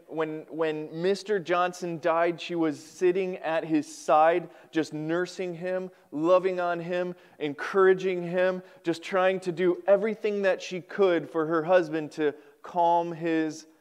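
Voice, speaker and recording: A man preaches from the pulpit with a high, smooth voice. He spins a homespun story with animated swings in his delivery. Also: takes it slowly. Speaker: pastor. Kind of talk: sermon with storytelling. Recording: podcast recording.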